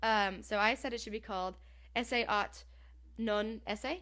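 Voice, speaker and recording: A woman's voice: a little high, unhurried, a bit bright. Chatty woman podcast co-host. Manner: eager and chatty, lots of "like". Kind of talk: casual chat reviewing a TV episode.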